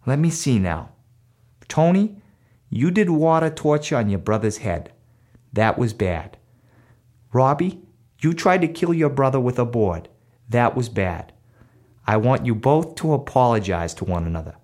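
A man's voice: mid-range voice, very animated, a little slow, pauses often, a little mellow. Man voicing a mother, firm, matter-of-fact, loving, told story. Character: firm but loving mother of two boys.

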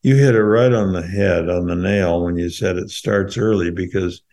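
A man's voice: low voice, normal speed, darkish tone. A man co-hosting a podcast who talks earnestly about faith and reads poetry, often stopping to repeat words as he thinks. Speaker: podcast co-host. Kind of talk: earnest gospel discussion and poetry reading.

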